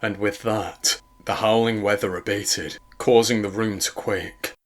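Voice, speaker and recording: A man reading a scripted horror story in a measured, grave way. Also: on the low side, steady tone, a little hiss or hum. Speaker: narrator.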